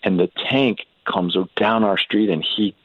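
Deep-voiced man telling a family story. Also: slightly rough, no echo, phone-quality sound. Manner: halting, with many restarts and fillers. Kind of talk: casual storytelling in a faith podcast interview.

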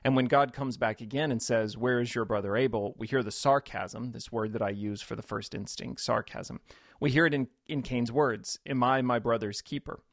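A man's voice: medium pitch, normal speed, vocal fry, dry recording. Man, pastor, radio interview guest, reflective and explanatory, dry close mic. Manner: reflective, explains scripture with quoted voices. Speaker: pastor and author.

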